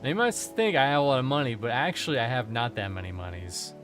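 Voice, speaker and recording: A man's voice: mid-range voice, lively intonation, fast talker, fairly bright tone, soft background music. A man streaming a video game, chatting casually and rambling with jokes and swearing. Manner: joking, profane, rambling. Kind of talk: casual gameplay commentary.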